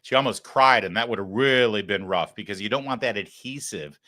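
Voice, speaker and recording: A man's voice: fairly low pitch, fairly quick, pushed and bright. A man hosting a live political commentary show, talking in a sarcastic, mocking, conversational way. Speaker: talk show host.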